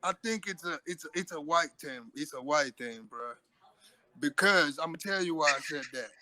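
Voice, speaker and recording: A man in his thirties telling a story in a casual, profane, animated chat. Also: fairly high pitch, normal speed, dry recording. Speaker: podcast co-host.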